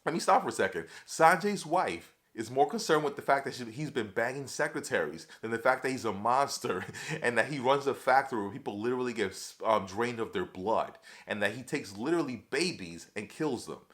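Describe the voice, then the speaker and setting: A man casually recapping a TV episode for his viewers, excitable and chatty, calling them y'all and acting out the characters' lines. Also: mid-range voice, a little fast. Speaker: TV episode reviewer.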